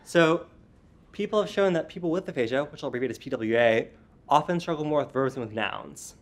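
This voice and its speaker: A man giving a short academic research talk, explaining his study clearly and stressing contrasting words, with a few ums. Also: fairly high pitch, lively intonation, brisk. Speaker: student researcher presenting a study.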